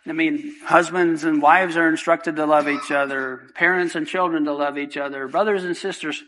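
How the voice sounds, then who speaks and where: A man's voice: fairly high pitch, fairly even intonation, moderate pace, few pauses, sharp tone, poor audio. A man preaching a sermon, earnest and emphatic, repeating key points and asking rhetorical questions. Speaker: pastor.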